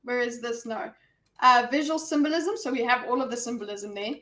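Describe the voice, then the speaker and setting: A woman hosting a casual online film discussion over a video call, animated and acting out quoted lines. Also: fairly high pitch, brisk. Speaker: discussion host.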